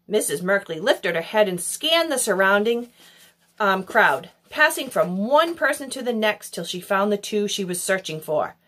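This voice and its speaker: A woman narrating a children's novel in an expressive storybook style. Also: mid-range voice, normal speed. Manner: expressive, animated. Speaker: audiobook reader.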